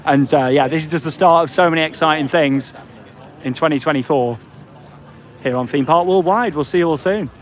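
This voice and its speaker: A man hosting a live theme park stream outdoors, excited and emotional. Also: a little high, fairly quick. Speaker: theme park livestream host.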